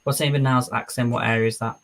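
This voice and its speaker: A man's voice: mid-range voice, steady tone, fast talker, a bit bright. A man hosting a casual live stream, chatting away as he reads viewer comments aloud and answers them. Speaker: streamer host.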